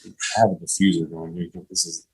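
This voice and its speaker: A man's voice: sits low, steady tone, brisk, a crowd in the background, poor audio. A man in his late thirties, a podcast guest, telling his faith story in an earnest, plain-spoken way over a call. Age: 30s. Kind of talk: testimony in casual conversation.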